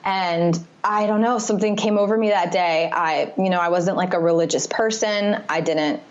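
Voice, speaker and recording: A woman's voice: on the low side, normal speed. Woman podcast guest, confessional storyteller, filler-heavy, dull lo-fi sound. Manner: confessional, rambling, frequent "like" fillers. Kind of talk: candid personal storytelling. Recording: slightly muffled podcast audio.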